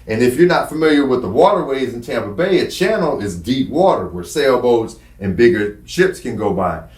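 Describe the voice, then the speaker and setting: A man casually telling a long personal story, animated and profane. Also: mid-range voice, normal speed, echoey room. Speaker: podcast guest telling his story.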